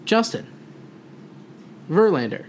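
A young man co-hosting a casual sports podcast, riffing jokes and roasting players with quick laughs. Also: high-pitched, big pitch swings, a little hiss or hum. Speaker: podcast co-host. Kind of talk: casual comedic roast chat.

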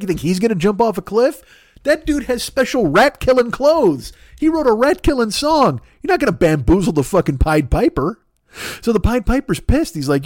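A man's voice: sits high, darkish tone, dry recording, clean studio sound. A man on a comedy podcast, riffing in a rambling, profane monologue, laughing at his own jokes and acting out voices.

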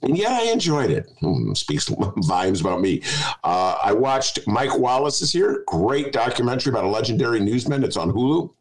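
A man's voice: medium pitch, very animated, normal speed, low-quality recording. Wry chatty man hosting a talk show. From Chicago. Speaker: podcast host. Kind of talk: casual talk-show banter. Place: home apartment.

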